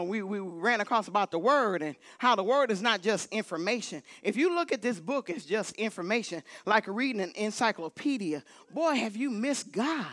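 Woman preacher, exuberant sermon, repeats calls to the congregation, bright tone. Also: fairly high pitch, dry recording. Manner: emphatic, repetitive exhortations. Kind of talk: lively sermon with holy laughter. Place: church sanctuary.

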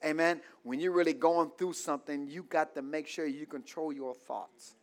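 A high-voiced man preaches a call-and-response sermon to his church. He stops mid-line for the congregation to fill in the word, then repeats key phrases. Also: fairly even intonation, normal speed. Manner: asks the congregation to fill in words, repeats lines. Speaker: pastor.

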